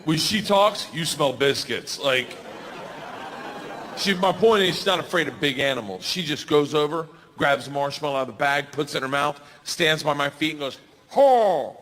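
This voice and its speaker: A man in his forties telling a stand-up story, animated and yelling his punchlines, on a stage mic. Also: fairly high pitch, moderate pace, slight background noise. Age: 40s. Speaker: stand-up comedian. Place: large comedy venue. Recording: live stage mic with hall reverb and faint ambience.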